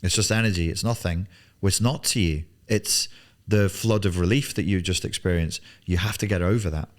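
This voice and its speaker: This forties-aged man speaks in a low voice at a normal speed. He delivers a blunt studio monologue of business coaching, cursing liberally and hammering words through repetition, in a television studio.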